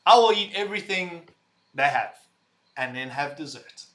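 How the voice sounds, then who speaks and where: A young man hosting a casual livestream, reading chat messages aloud, loud and rambling, laughing and swearing as he talks. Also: a little high, lively intonation, normal speed. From visitor to the UK.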